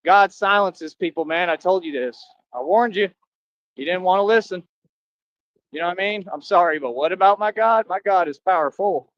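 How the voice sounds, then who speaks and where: A man's voice: high voice, normal speed, a bit bright, no room sound. Boastful man ranting on a dull stream. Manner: boastful, confrontational, slangy street talk. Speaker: livestreamer. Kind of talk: rambling monologue to viewers.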